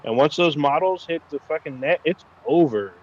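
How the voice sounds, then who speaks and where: A man's voice: on the high side, normal speed, darkish tone, lo-fi sound. A man co-hosting a casual gaming podcast, talking loosely with plenty of swearing and filler words. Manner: loose and profane, lots of fillers. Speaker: podcast co-host.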